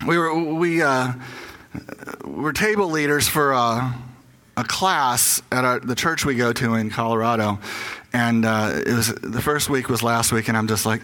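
Older male pastor, bright tone, candid storytelling sermon. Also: medium pitch, unhurried. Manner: candid personal storytelling, acting out his own inner voice. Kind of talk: conversational sermon.

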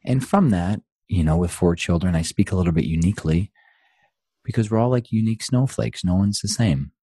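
A man's voice: low-pitched, lively intonation, fairly quick, dark tone, husky, no room sound. A middle-aged man, a guest in an interview, speaking in an earnest, motivational way full of rhetorical questions. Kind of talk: conversational interview.

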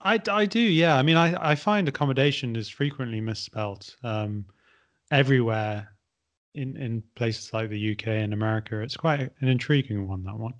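A man who teaches English, chatting casually and spelling words out in a measured way. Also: mid-range voice, lo-fi sound. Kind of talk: casual conversation.

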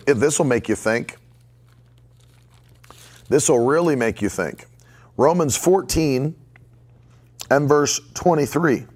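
A man's voice: medium pitch, darkish tone. A man in his forties preaching a podcast sermon, emphatic and fond of repeating short punchy lines. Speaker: pastor.

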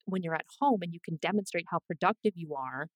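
A woman career coach chatting as an interview guest, animated and full of quick asides. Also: fairly low pitch, dry recording. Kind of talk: casual interview chat.

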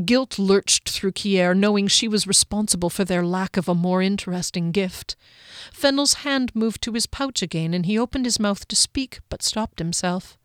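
A woman reading a fantasy novel aloud in a measured storytelling voice. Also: medium pitch, smooth, no room sound, studio quality. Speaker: audiobook narrator. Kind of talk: scripted fantasy narration.

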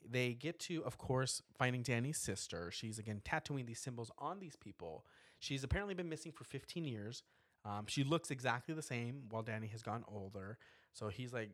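A man recaps a horror film in loose, chatty podcast talk, full of "um" and "like" and quick laughs. His pitch swings widely as he tells it, and the sound is dry and close. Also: no room sound. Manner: animated storytelling with frequent laughs and fillers. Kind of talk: casual chat.

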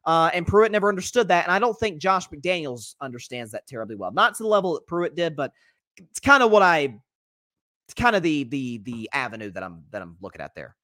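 A man's voice: on the high side, fairly quick, no room sound, studio quality. A young man hosting a sports podcast, talking casually and rambling with frequent restarts and self-corrections. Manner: animated, rambling, self-interrupting. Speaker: podcast host.

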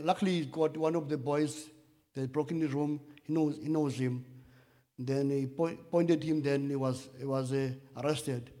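A man sharing a personal testimony in church, halting with many restarts and fillers, rising to loud emphatic bursts. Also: on the high side. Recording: echoey hall with long reverb.

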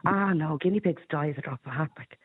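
A woman's voice: sits low, slightly rough, phone-quality sound. Blunt Irish woman on a thin line. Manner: blunt, opinionated, quick to laugh. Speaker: radio panelist. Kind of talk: casual radio chat.

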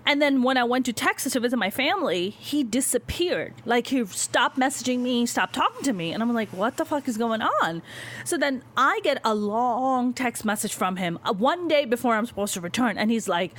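Woman comic telling a story, swears a lot, kinda high voice, bounces all over the place. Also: fairly quick. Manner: animated, profane and blunt. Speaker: stand-up comedian, guest. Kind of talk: casual storytelling in an interview.

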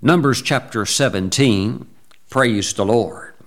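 A man preaches a sermon in an average-pitched voice, pressing his points with emphasis. He breaks into short bursts of praise between thoughts. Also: takes it slowly. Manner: emphatic, exclaims praise interjections. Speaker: pastor.

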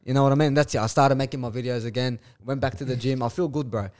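Fast-talking, swearing man. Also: mid-range voice. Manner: heavy swearing, animated storytelling. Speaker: guest influencer. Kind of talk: casual podcast chat.

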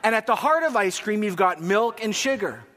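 A man's voice: sits high, animated, normal speed, bright, forceful tone. A Canadian man preaching a sermon in a chatty, joking way, asking the congregation questions. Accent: Canadian English. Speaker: pastor. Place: church hall. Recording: long hall reverb.

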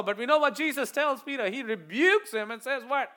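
Speaking briskly with hardly any pauses, a pastor gives a lively sermon to his congregation in a high, bright, forceful voice. He moves between booming proclamations and quiet asides, performing the voices he quotes.

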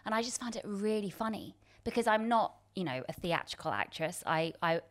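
A woman in her thirties telling a story in casual chat, self-deprecating and quick to laugh, with many restarts. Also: medium pitch, expressive. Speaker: guest.

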